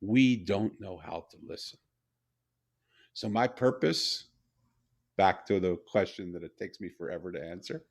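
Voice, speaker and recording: Older guy, gravelly voice, animated storyteller in an interview, keeps repeating words. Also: low-pitched, a little slow, long pauses. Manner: animated, repeats words when building a point. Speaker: guest, author and CEO. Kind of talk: storytelling in a conversation.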